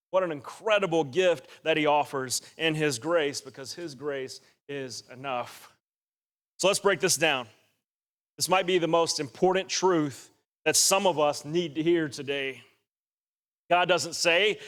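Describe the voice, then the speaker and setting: A man's voice: sits high, lively intonation, a little slow, fairly bright tone. A man preaching a sermon, earnest and rising to emphatic exhortation.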